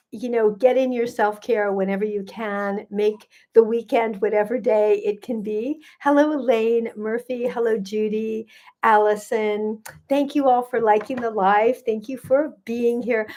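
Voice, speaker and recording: A middle-aged woman with a fairly high voice hosts a casual livestream, chatty and effusive. She greets each viewer by name and thanks them for being there. She speaks into a livestream microphone. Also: steady tone, measured pace, darkish tone. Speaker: gut health coach hosting a livestream.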